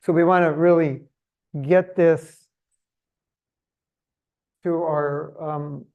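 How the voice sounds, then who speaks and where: Gravelly-voiced man teaching. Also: fairly high pitch, fairly even intonation, drawn-out words, narrow, tinny audio. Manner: conversational, humorous, self-deprecating. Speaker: seminar speaker. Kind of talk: religious seminar talk.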